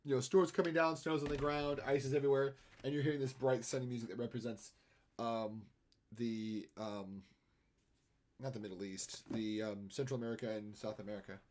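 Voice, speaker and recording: A livestreaming artist chats casually while drawing, rambling along and laughing often. His mid-range voice is fairly even in intonation and a little fast, with a faint hiss or hum on the recording.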